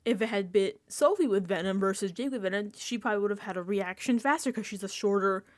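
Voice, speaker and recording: A young woman chatting casually on a reality-TV recap vlog, animated and laughing, acting out quotes and swearing freely. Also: mid-range voice, quick pace, dry recording, clean studio sound. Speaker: recap vlogger. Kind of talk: casual reality-TV reaction chat.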